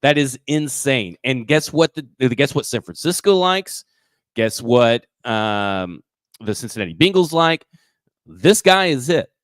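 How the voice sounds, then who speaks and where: Guy hosting a live football stream, rattling off stats all excited, mid voice, dry close mic. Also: medium pitch, unhurried, clean tone, dry recording. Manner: stat-heavy, enthusiastic, stumbles over words. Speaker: sports podcast co-host. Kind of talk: casual live show chat.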